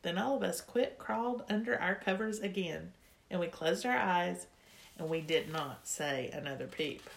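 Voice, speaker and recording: A woman's voice: on the low side, moderate pace, gravelly. Woman reading a storybook like a kid. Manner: chatty, childlike first-person telling. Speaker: audiobook reader. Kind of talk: storybook narration in a child's voice.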